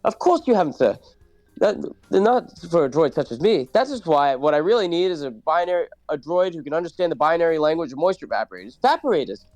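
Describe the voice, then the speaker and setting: A man's voice: a little high, sing-song, fast talker, a little mellow, no echo, faint music behind, pitched above the performer's own voice. A man voicing a fussy, anxious male protocol robot who frets, complains and speaks primly. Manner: prim, fretful, complaining.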